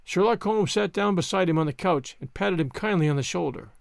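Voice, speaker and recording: A man narrating a story in an expressive, animated reading style. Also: high voice, a little fast, vocal fry, dry recording, studio quality. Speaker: audiobook narrator.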